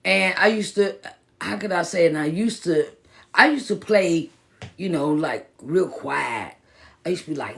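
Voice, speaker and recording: A woman's voice: lowish voice, lively intonation, moderate pace, creaky. A woman who is a motivational speaker and minister, talking casually on a phone live stream, repeating herself for emphasis and greeting viewers by name. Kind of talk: live-stream pep talk.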